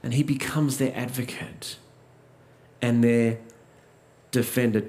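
A man's voice: mid-range voice, fairly even intonation, slow, a little mellow. A man preaching a sermon, asking rhetorical questions and repeating key lines for emphasis.

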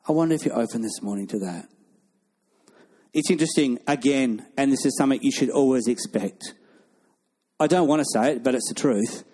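A male pastor with a medium-pitched voice delivers a sermon, animated as he acts out the voices of the people in his stories.

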